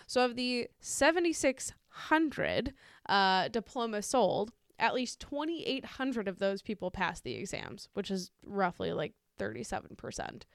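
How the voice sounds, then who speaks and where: A woman's voice: medium pitch, sing-song, a little slow, vocal fry, smooth, no room sound, clean studio sound. A woman with a Midwestern American accent co-hosting a podcast in casual chat, laughing often, swearing freely and stumbling over names as she reads news items. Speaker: podcast co-host.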